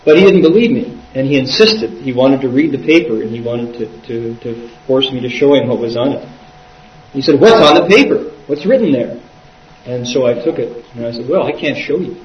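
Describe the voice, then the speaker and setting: A man interpreting a dharma talk, retelling the story in a lively way and voicing the quoted speakers. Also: mid-range voice, a little fast, a little hiss or hum. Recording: echoey, distant, dull lo-fi recording.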